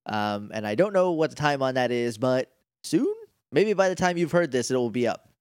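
A man co-hosting a tabletop game podcast, playing in character and chatting casually, playful and quick to laugh. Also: medium pitch, clean tone, no room sound, clean studio sound. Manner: playful, laughs often, lively in-character asides. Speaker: podcast co-host and player.

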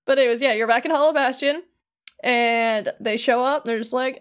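A woman co-hosting a casual podcast, retelling game scenes with quick paraphrased voices for the characters. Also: fairly high pitch. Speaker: podcast co-host.

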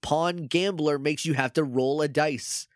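A man's voice: on the high side, steady tone, a little slow, no room sound, studio quality. A man co-hosting a podcast, chatting casually and playfully recapping an episode, often laughing and acting out the characters' lines. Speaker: podcast co-host.

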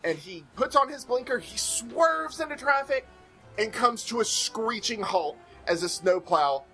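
A game master narrating a tabletop game with a bright, clear tone. The delivery swoops up and down and stretches scene-setting out playfully. It sounds like a relaxed session among friends. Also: mid-range voice, unhurried, faint music behind.

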